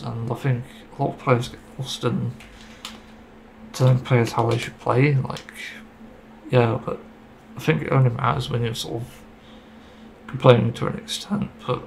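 A man's voice: mid-range voice, vocal fry, a little hiss or hum, poor audio. A man giving a casual, rambling opinion monologue about a game, getting frustrated and swearing casually. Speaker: gaming video creator.

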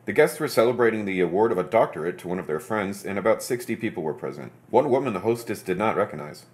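Hosting a podcast, a man reads articles aloud at a steady, measured pace, pausing now and then for brief, low-voiced asides.

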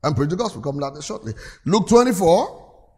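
A man delivering a church sermon, his voice sitting a little higher than most men's. He reads scripture passages aloud and keeps pressing the congregation to answer him back. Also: very animated, brisk, a little mellow, breathy edge. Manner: preaches with call-and-response, reads scripture aloud. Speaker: pastor.

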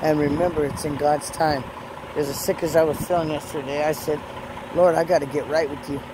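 With a low voice, fairly even intonation, and a fairly quick pace, a woman Christian vlogger preaches and recounts her personal faith testimony by or in a parked truck outdoors. Her emotional, earnest delivery climbs into urgent rhetorical questions directed at the listener, over clear traffic and outdoor noise.

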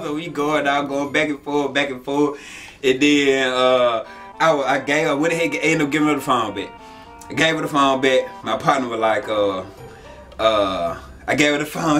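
A man's voice: on the high side, normal speed, soft background music. A man hosting his own channel, telling a story in casual slang and acting out the quotes in a raised voice. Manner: animated, acts out quotes in a raised voice, profane slang. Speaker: channel host.

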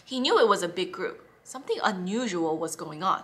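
A woman teaching children, reading a Bible story in an expressive, animated way. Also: lowish voice, fairly quick.

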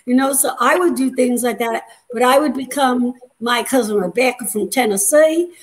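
A woman co-hosting over a video call, chatty and animated, sharing teaching stories. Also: fairly high pitch. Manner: animated, chatty, quick interjections. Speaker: co-host, educator. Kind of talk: casual chat.

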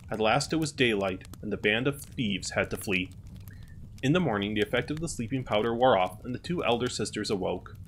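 A man calmly narrating a fairy tale as a storyteller. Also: lowish voice, a little hiss or hum.

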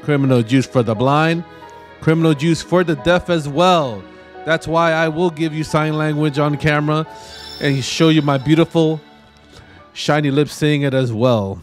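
A man's voice: medium pitch, normal speed, faint music behind. A man hosting a casual let's play, joking crudely and rambling as he plays. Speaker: gaming video host. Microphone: desk mic, no camera.

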